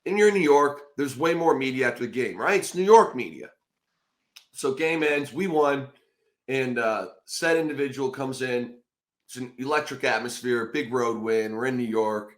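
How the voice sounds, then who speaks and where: Animated man telling loud stories. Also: medium pitch, moderate pace. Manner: animated storyteller, bursts into loud shouted quotes. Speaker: podcast host, former football player. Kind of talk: casual storytelling chat.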